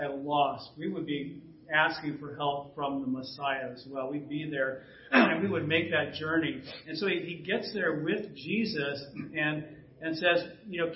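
Male pastor, high voice, conversational sermon with throat clearing, dull echoey church sound. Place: church sanctuary. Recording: distant roomy church recording, dull sound.

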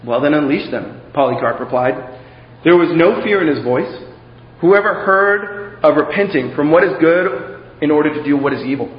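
Preacher dramatically reading a story. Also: male voice, a little high, lively intonation, moderate pace. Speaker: pastor. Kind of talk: sermon, reading a story aloud. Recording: echoey hall, slightly dull.

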